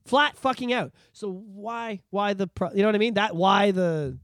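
A man co-hosting a casual podcast, profane and animated, cutting in with jokes. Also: sits high, normal speed, no room sound, studio quality. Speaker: podcast co-host.

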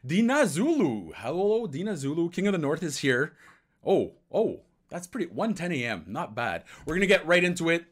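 A man's voice: on the high side, sing-song, a little fast, a bit bright. Rambling bilingual male hockey show host. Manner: rambling, switches between English and French. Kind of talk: casual hockey podcast livestream chat.

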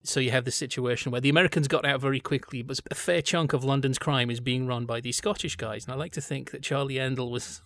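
A man's voice: medium pitch, fairly even intonation, fast, hardly any pauses, a bit bright, dry recording. A man co-hosting a podcast, talking in a thoughtful, discursive way that drifts from point to point. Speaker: podcast co-host.

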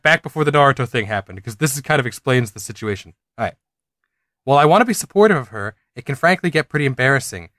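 Co-hosting a podcast in a casual chat, a man reads a listener's story aloud in quotes, breaking off for chatty asides and laughs. His voice is medium-pitched and a bit bright, recorded at studio quality with no room sound.

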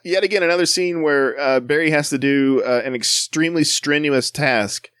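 A man's voice: fairly high pitch, moderate pace, fairly bright tone, clean tone, dry recording, studio quality. A man co-hosting a podcast in casual chat, with wry, sarcastic humor. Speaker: podcast co-host.

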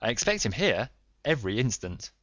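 A man reading a calm, stern middle-aged detective who speaks in a measured, authoritative way. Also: medium pitch, dry recording, lo-fi sound. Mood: confident.

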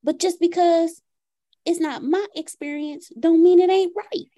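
High, mellow-voiced woman telling a story. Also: a little slow. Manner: animated, acts out her son's and her own lines. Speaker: podcast participant sharing a story. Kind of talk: casual storytelling in a group call.

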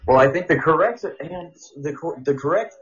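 A man's voice: on the high side, expressive, normal speed. A man co-hosting a podcast in casual chat, goofy and mock-philosophical, tripping over his words. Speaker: podcast co-host. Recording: slightly muffled lo-fi audio.

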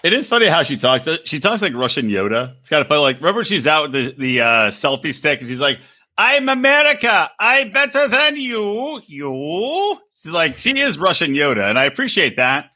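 Animated, bright-voiced man ranting. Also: mid-range voice, quick pace, few pauses. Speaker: podcast co-host. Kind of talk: casual chat.

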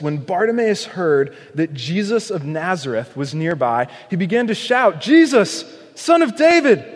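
A man preaching a sermon, dramatically acting out shouted cries and slowing to a hush on key points. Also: sits high, big-room sound. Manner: slows and softens on key points. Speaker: pastor.

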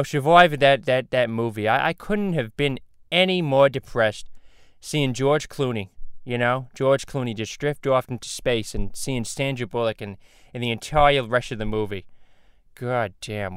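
A man voicing a crass, loudmouthed middle-aged cartoon dad, nasal and rambling, in a crude comedy monologue. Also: mid-range voice, smooth, no room sound, lightly acted. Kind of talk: fan comedy impression monologue.

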